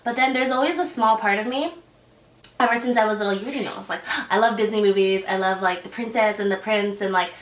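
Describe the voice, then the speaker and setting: A woman in her twenties hosting a casual vlog chat with her best friend, gushing and excitable, full of "like" and "oh my gosh". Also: medium pitch, fast. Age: 20s. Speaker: vlogger host. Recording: roomy echo, mic at a distance.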